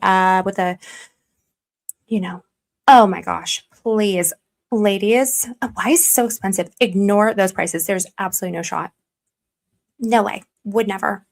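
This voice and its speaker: A young adult woman hosting a livestream in casual, chatty talk, animated as she answers viewer comments. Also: medium pitch, moderate pace. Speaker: livestream host. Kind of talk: casual chat.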